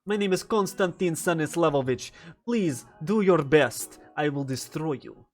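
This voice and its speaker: A man's voice: fairly high pitch, expressive, moderate pace, faint music behind, natural voice. A man voicing a menacing male soul with a thick put-on Russian accent, in a tabletop game.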